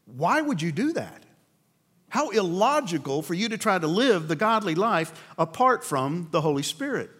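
A man voicing God as a gently puzzled, patient deity who questions rather than scolds. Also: high-pitched, very animated, moderate pace, slightly rough, exaggerated voice. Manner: bemused, questioning.

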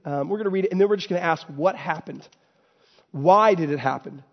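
A man preaching a sermon, telling a story animatedly and building to loud excited bursts. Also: sits high, a little fast. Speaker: pastor. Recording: dull sound with long hall reverb.

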